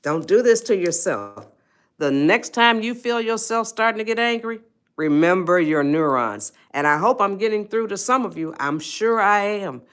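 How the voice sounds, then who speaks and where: A woman's voice: mid-range voice, expressive, moderate pace. Woman coaxing her live-stream viewers. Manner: coaxing, repetitive, speaks straight to chat viewers. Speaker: host of a self-help live stream. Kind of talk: live-stream motivational talk.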